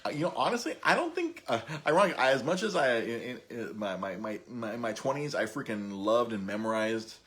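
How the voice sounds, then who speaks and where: A man's voice: medium pitch, very animated, fairly quick, hardly any pauses, a bit bright. A man in his thirties hosting a podcast, telling stories in a rambling, laughing way with many restarts. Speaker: podcast host. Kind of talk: casual storytelling chat.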